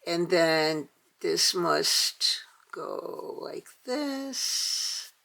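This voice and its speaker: A woman's voice: lowish voice, expressive, drawn-out words, gravelly, pushed and bright. An older woman hosting a casual toy unboxing, chatty and gushing, with many fillers. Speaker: toy channel host.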